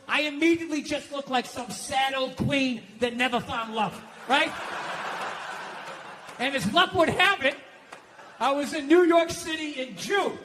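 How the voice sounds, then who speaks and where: A man's voice: very high-pitched, pushed and bright, slight background noise. A middle-aged man doing a stand-up comedy set, telling profane, exasperated stories in a ranting way. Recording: live stage recording with hall reverb.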